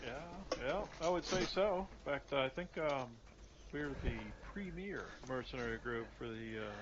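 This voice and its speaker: A man's voice: medium pitch, normal speed. Male player, mid-range voice, casual, lo-fi mic with audible noise behind. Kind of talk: casual tabletop chat.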